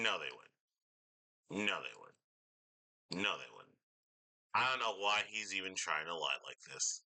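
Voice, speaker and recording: Animated ranting young man, bright voice. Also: fairly low pitch. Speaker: commentary YouTuber. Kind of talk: reaction commentary.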